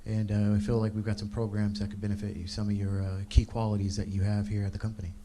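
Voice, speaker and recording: A man's voice: lowish voice, little pitch movement, fast. A man taking part in a leadership workshop role-play, speaking hesitantly with many filler sounds. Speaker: workshop participant.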